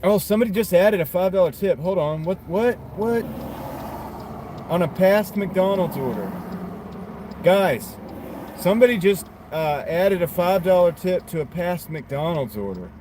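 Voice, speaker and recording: A delivery driver streams live from inside his car, rambling chattily, reading out orders, and answering chat. His high-pitched voice is animated yet measured in pace with a dark tone, over noisy car interior sound.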